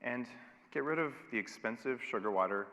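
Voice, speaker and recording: A man giving an energetic, emphatic conference keynote with a wry edge, speaking in a large hall. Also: medium pitch, fairly quick. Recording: long hall reverb.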